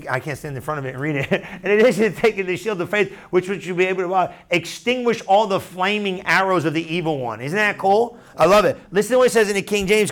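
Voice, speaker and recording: A man preaching a sermon in a loose, conversational way, often restarting phrases and asking the room if they follow. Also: high voice. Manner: conversational, animated, repeats and restarts phrases, asks the room questions.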